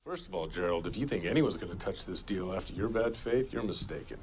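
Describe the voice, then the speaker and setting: An actor playing an arrogant, self-assured star lawyer in a TV drama, cool and sarcastic, speaking in flat certainties. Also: male voice, sits low, a little fast, slight background noise. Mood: cold. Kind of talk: TV drama acting.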